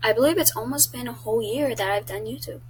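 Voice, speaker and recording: A woman's voice: on the high side, fast, a little hiss or hum, rough recording. Chatty blunt teenage girl vlogger. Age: teens. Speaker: YouTuber. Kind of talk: casual vlog chat.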